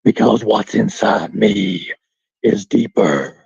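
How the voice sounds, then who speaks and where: A man putting on a deep sinister voice. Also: creaky, darkish tone, slightly rough, no room sound, highs cut off, exaggerated voice. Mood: menacing. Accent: Southern US hillbilly. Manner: slow, deep, creepy. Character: menacing deep-voiced dark presence.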